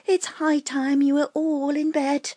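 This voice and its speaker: A woman's voice: high voice, little pitch movement, a little slow, dark tone, voice pushed up. A woman voicing a fussy little mother canary in a storybook, calling her children in a trembling, anxious voice.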